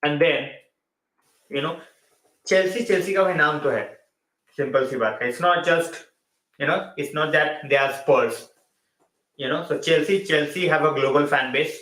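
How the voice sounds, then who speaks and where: A man's voice: on the high side, fairly quick, long pauses, a bit bright, roomy sound, low-quality recording. A man hosting a live football stream, switching between Hindi and mid-sentence and repeating his phrases. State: tired and yawning late at night. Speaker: football channel host.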